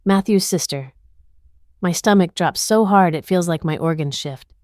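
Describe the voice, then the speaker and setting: In a dry recording with no room sound or echo, a woman tells a dramatic first-person story, her delivery tense and turned inward. Her voice is on the lower side with a darkish tone, and she speaks at a normal speed.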